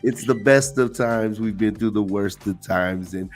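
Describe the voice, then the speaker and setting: A man's voice: lowish voice, a little slow, heavy background noise. A man co-hosting a sports podcast, talking in a fired-up, joking way with some swearing. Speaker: podcast co-host. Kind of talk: casual sports chat.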